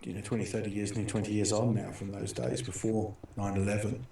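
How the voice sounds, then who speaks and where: A man's voice: fairly low pitch, little pitch movement, fast talker, heavy reverb, recorded from a distance, a crowd in the background. A middle-aged British man hosting a casual talk show, telling stories in a rambling way with many restarts and fillers. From Britain. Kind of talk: casual chat.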